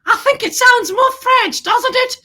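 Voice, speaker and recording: A woman's voice: extremely high pitch, unhurried, bright, forceful tone, full character voice. A woman playing a grand, glamorous lady who hosts a children's show, gushing and calling everyone darling. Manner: flamboyant, calls everyone darling. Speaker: host. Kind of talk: theatrical kids' show hosting.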